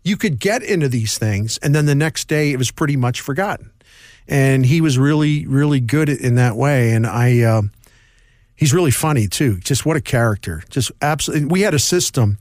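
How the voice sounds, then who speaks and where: Animated middle-aged storyteller. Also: male voice, medium pitch, dry recording, clean studio sound. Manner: animated, quick bursts with restarts and laughs. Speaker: sports columnist, guest. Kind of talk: casual interview storytelling.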